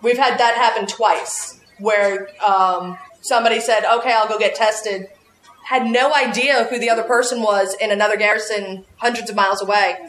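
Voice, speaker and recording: A woman chatting casually, an animated storyteller who laughs often. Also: medium pitch, moderate pace, reverberant, poor audio. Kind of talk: casual chat.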